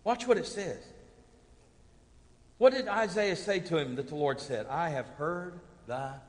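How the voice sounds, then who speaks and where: High-voiced preacher in a reverberant church. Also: male voice, unhurried. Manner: animated preaching, swinging from hushed to booming. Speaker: pastor. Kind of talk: sermon. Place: church sanctuary. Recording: long hall reverb from a sanctuary.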